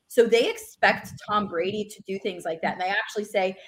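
A woman's voice: medium pitch, quick pace, few pauses. A woman co-hosting a sports podcast, chatting casually and reading out player quotes with energy. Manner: animated, reads out player quotes.

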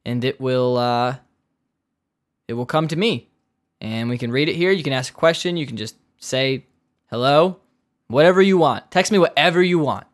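A man's voice: mid-range voice, normal speed, long pauses. A man hosting a hockey podcast, talking casually with rambling asides, joking tangents and many fillers. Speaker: podcast host.

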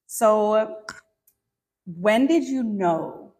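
A woman's voice: mid-range voice, lively intonation, extremely slow, darkish tone, husky. A woman hosting a casual interview, affirming and encouraging her guest with frequent interjections. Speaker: interview host, nurse. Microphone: phone live stream.

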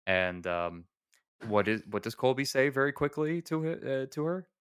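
A man co-hosting a podcast, rambling through a movie scene with laughs and quick bursts of acted-out dialogue. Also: medium pitch, big pitch swings, a bit bright, smooth, no room sound, clean studio sound. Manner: rambling, laughing, acts out characters' lines. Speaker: podcast co-host. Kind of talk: casual chat recapping a movie.

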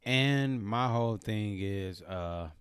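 A man in relaxed, casual conversation who often agrees with short replies and sometimes makes longer points. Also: fairly low pitch, slow, clear, resonant tone, no room sound, studio quality. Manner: laid-back, agreeable, chimes in with short replies. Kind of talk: casual chat.

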